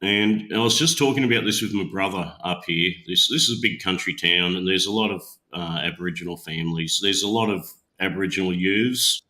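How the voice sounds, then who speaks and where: Low, bright-toned man. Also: fairly quick, rough recording. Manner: plain, explaining, matter-of-fact. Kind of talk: casual chat.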